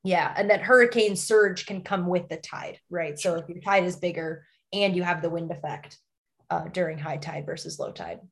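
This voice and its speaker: A woman's voice: fairly low pitch, normal speed. A young woman co-hosting a podcast in casual chat, laughing often and restarting her sentences. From lives in the Canadian Maritimes. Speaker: podcast co-host.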